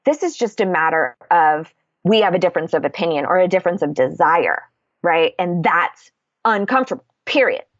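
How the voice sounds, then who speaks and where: Candid woman coach, low dry voice. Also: animated, moderate pace, dry recording, dull audio. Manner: candid, casual, swears freely. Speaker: guest, confidence coach. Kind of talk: podcast interview, explaining a method.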